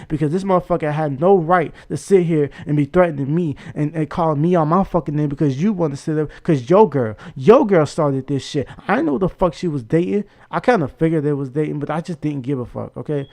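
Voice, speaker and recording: A man's voice: fairly high pitch, fairly quick, darkish tone. A nineteen-year-old man telling an angry story in a heated, profane, repetitive rant. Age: young adult, about 19. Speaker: vlogger.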